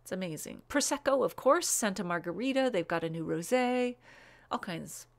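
A woman hosting a live online wine show, chatting casually, reading out viewer comments and gushing over wines with lots of "um"s and quick asides. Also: mid-range voice, animated, gravelly. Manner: gushing over wines, rattling off names and tasting notes.

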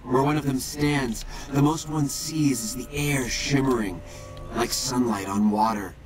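A man voicing a haunted ghoul survivor in a video game, telling things slowly and gravely. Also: medium pitch, close to an everyday voice, poor audio. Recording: quiet game audio with music.

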